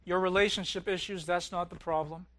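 A man preaching a sermon as pastor, swelling loud on key lines and dropping low and quiet at others. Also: fairly even intonation, brisk.

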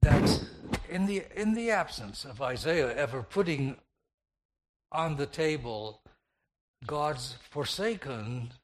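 Slow, deliberate male preacher. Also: mid-range voice. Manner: deliberate, repeats phrases with shifting emphasis. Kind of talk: slow meditative sermon.

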